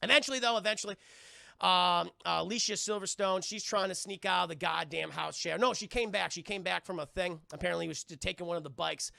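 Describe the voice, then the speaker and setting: A man reviewing a film on a live stream, chatting casually with his chat in an animated, profane, sarcastic way. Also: sits high, quick pace, vocal fry, no echo, clean studio sound.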